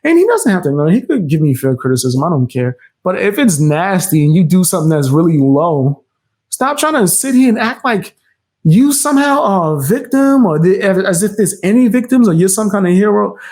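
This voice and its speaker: A commentary channel host delivers a reaction commentary that's defiant and mocking, peppered with casual slang and frequent laughs. His high-pitched voice is expressive, fairly quick, and a little mellow.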